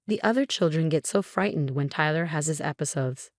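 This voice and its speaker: A woman's voice: sits low, a little fast, no echo, studio quality, close to an everyday voice. A woman reading the lines of a cold, falsely sympathetic older mother-in-law in a scripted story, her voice sugary. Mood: falsely sweet.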